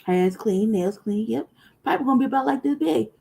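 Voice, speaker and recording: A woman's voice: fairly high pitch, animated, fairly quick, vocal fry, mellow, breathy edge. A woman from the American South co-hosting a podcast, telling stories in casual, profane chat and laughing often. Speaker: podcast co-host.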